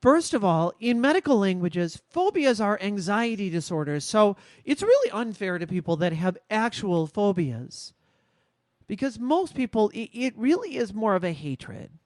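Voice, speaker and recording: A woman co-hosting a podcast, telling a personal story in a measured, reflective, earnest way. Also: medium pitch, big pitch swings, darkish tone, no echo, studio quality. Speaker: podcast co-host. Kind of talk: casual podcast conversation.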